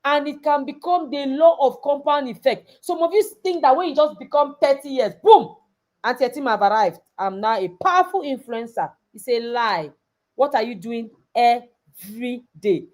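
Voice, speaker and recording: A woman's voice: sits high, lively intonation, moderate pace. A woman giving an emphatic motivational talk as a coach to an online audience of girls, repeating her key phrases. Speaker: coach and summit speaker.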